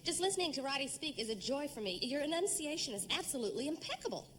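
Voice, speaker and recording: A woman's voice: high voice, sing-song, quick pace, a little hiss or hum. A woman from Texas hosting a variety show, bantering on stage in a bubbly, laughing way. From San Antonio, Texas. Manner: bubbly, laughing, sing-song. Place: TV studio stage with audience.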